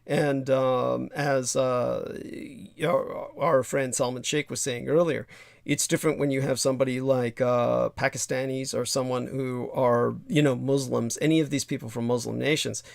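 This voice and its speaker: A man's voice: mid-range voice, flat delivery, moderate pace, gravelly, dry recording, clean studio sound. A man hosting a livestream talk show, rambling and emphatic, swearing freely as he tells a story. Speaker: show host.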